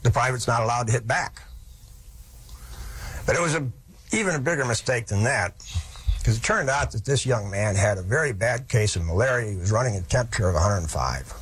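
A man's voice: medium pitch, animated, fairly quick, fairly bright tone, a little hiss or hum. A man telling a historical story in a folksy, vivid lecturing manner, with asides to his listeners.

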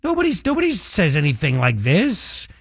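Mocking talk radio host, lively high voice. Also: male voice, normal speed, husky, no room sound, studio quality. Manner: mocking, sarcastic, laughing at his targets. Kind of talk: political talk radio commentary.

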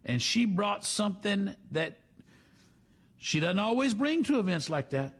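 A man's voice: sits high, very animated, unhurried, slightly rough. A man hosting a talk show, delivering sarcastic, opinionated commentary. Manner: sarcastic, mocking. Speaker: radio host.

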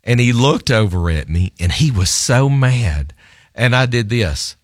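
A middle-aged man, a divorce lawyer, telling an animated anecdote in conversation, often laughing and repeating words. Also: mid-range voice, unhurried, dry recording, clean studio sound. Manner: lively storyteller, laughs often, repeats himself.

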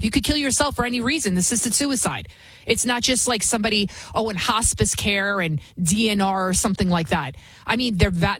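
A woman's voice: medium pitch, slightly rough, no room sound, poor audio. A woman hosting a political commentary show, talking fervently and emphatically, often restarting her sentences. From United States.

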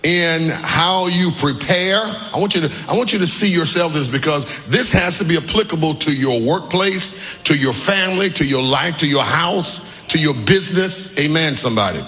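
Pastor, male, call-and-response preacher, bright forceful tone, long church-hall reverb. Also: a little high, animated, moderate pace, hardly any pauses. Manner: call-and-response preaching, shouting peaks, playful asides. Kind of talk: sermon.

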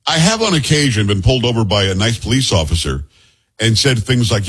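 Middle-aged male radio host, quick husky delivery, jokey banter. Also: mid-range voice, big pitch swings, a bit bright. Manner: fast, chatty, joking. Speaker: radio talk show host.

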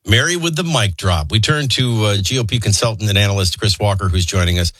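A man's voice: lowish voice, expressive, quick pace, few pauses, fairly bright tone, no echo. A man hosting a morning radio show, reading headlines and taking callers with loose, joking asides. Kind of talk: news reading and call-in chat. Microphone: studio microphone.

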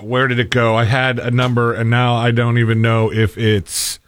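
A man's voice: mid-range voice, level tone, moderate pace, a bit bright. A man co-hosting, chiming in with dry, wry remarks in casual chat. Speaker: co-host.

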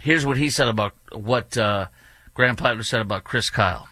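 A man's voice: medium pitch, brisk, sharp tone, no echo. A man hosting a talk radio show, ranting indignantly with sarcastic asides. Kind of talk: opinionated radio commentary.

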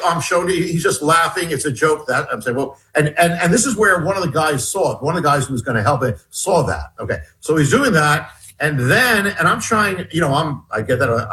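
A man's voice: fairly high pitch, pushed and bright, low-quality recording. A man, an author being interviewed, earnestly recounting a personal story with many restarts and repeated words. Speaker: author guest.

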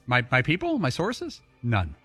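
Male studio co-host, mid pitch, dry booth sound, music bed faint underneath; deadpan. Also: a little slow, breathy edge, no room sound. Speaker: sports talk show co-host. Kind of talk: casual studio banter.

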